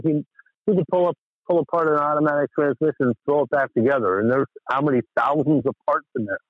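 A man calling in from Western Massachusetts, rambling and exasperated as he tells his story. His slightly high voice comes through a tinny phone line that sounds dry and close. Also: dry recording. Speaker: caller. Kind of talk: casual call-in chat.

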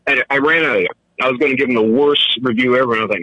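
Bright-voiced man telling animated stories. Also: fast, no room sound, dull audio. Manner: animated, laughing, swinging into high voices for quotes. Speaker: caller. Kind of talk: casual storytelling.

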